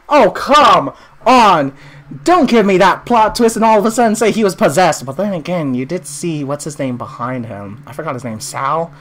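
A young woman playing a video game and commenting, very expressive and swinging between groans and outraged shouts. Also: sits low, drawn-out words, pauses often. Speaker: let's play gamer.

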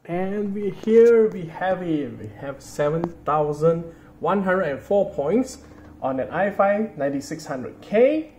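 A man's voice: high voice, animated, a little slow, warm tone, a little hiss or hum. Chatty man reviewing hardware. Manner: chatty, often starts with "so", hedges with "I assume". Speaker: tech reviewer. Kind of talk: casual product showcase narration.

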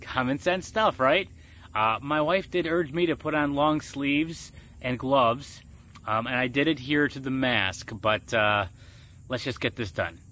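A man chatting his way through a gardening demonstration outdoors. He explains each step in a relaxed, conversational way, often checking in with the listener. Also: medium pitch, measured pace. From Florida. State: muffled by a face mask. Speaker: gardening vlogger. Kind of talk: casual how-to vlog.

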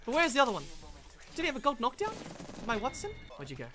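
Brief: higher-pitched woman, lively sing-song delivery, shouty gameplay commentary over gunfire. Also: fast talker, long pauses, slight background noise. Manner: jumpy, bursts into shouts and laughter. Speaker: gamer. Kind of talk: excitable in-character gameplay commentary. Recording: loud gunfire from the game behind.

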